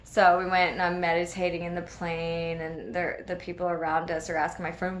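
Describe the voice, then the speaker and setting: A woman, a regular host of a spiritual video series, telling a personal story in casual, animated talk and acting out the voices of the people in it. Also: on the low side, normal speed, hardly any pauses, a little hiss or hum. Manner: animated, laughing often, acts out quoted voices.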